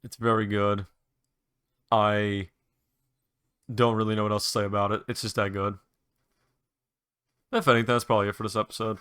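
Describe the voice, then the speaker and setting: A man's voice: lowish voice, little pitch movement, moderate pace, long pauses, a bit bright, clear, resonant tone. A young man hosting a solo podcast, chatting casually and rambling with restarts, mild swearing and eager recommendations. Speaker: podcast host.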